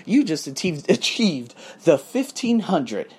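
A man's voice: on the high side, slow pace, breathy edge. A man, an English tutor, telling a casual motivational story, acting out both sides of conversations and swearing freely. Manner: animated, acts out both sides of dialogues, swears.

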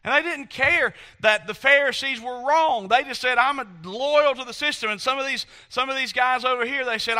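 A man's voice: extremely high pitch, normal speed, hardly any pauses, pushed and bright. A man preaching a sermon, impassioned and repetitive, acting out quotes from the people he talks about.

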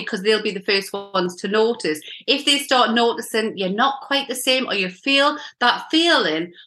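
A middle-aged woman guest on a podcast talks in a bright, tense voice. She is straight-talking and explains step by step, pausing to check with "okay?". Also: medium pitch. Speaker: menopause coach, guest. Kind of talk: podcast interview.

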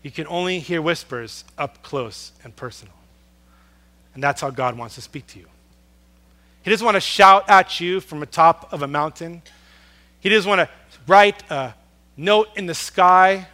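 Man, pastor, sermon, fairly high voice, earnest storytelling, big loud-to-soft swings. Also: a little slow, pauses often. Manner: dramatic swings in loudness, dropping to a hush on soft words.

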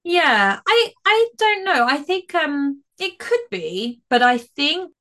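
A woman's voice: sits high, slow. A woman co-hosting a podcast, chatting casually and with animation as she reviews a TV episode, often restarting her sentences. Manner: chatty, animated, trails off and restarts, laughs easily. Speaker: podcast co-host.

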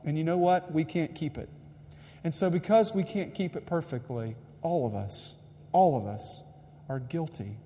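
A man's voice: on the high side, moderate pace, mellow, slight background noise. A man preaching a sermon, emphatic and direct, repeating his key lines to the congregation. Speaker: pastor. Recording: long hall reverb.

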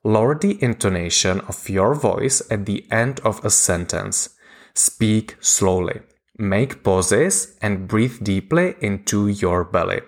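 Here the same lowish-voiced man delivers a scripted lesson as a communication coach would, slow and deliberate, pausing between points. His intonation is lively, swinging widely from phrase to phrase, with some vocal fry.

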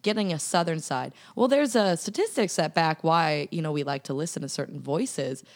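A woman's voice: deep voice, normal speed, slight background noise. A woman guesting on a podcast, telling stories in playful casual chat and laughing often.

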